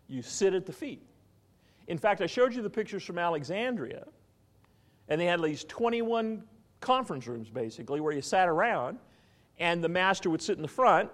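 A man preaching a sermon in an animated teaching style, often asking his listeners questions. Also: a little high. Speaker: pastor.

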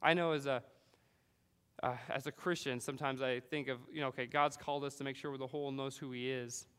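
A man from California preaching a sermon, animated storytelling with frequent "right?" asides. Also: medium pitch, a little fast, clear, resonant tone, big-room sound. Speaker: pastor.

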